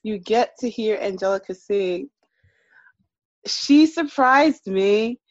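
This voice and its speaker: A woman co-hosting a casual podcast, telling stories in an animated, chatty way. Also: medium pitch, takes it slowly, dry recording, dull audio. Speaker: podcast co-host.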